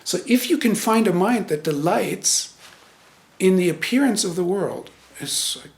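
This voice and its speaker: A man's voice: sits high, expressive, a little slow, creaky, reverberant. Man giving a hesitant Zen talk. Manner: hesitant, searching, many restarts. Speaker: Zen teacher. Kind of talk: meditation talk. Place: meditation hall.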